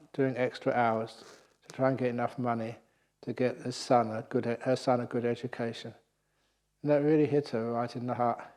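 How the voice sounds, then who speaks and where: Male monk, retreat talk, animated storyteller, mid-pitched voice. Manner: lively storytelling, laughs at own jokes. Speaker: Buddhist monk teacher. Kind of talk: dharma talk at a meditation retreat.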